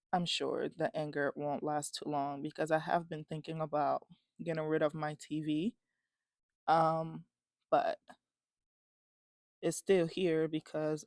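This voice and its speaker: A woman's voice: deep voice, a little mellow, dry recording, studio quality. A young woman chatting casually in a home vlog, rambling, restarting her sentences and giggling often. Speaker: vlogger. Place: home, indoors.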